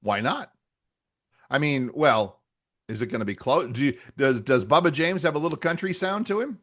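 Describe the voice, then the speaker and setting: A man co-hosting a casual podcast, talking in a relaxed way with frequent fillers and restarts. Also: on the high side, moderate pace. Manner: relaxed, hesitant with many fillers. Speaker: podcast co-host. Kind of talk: casual chat.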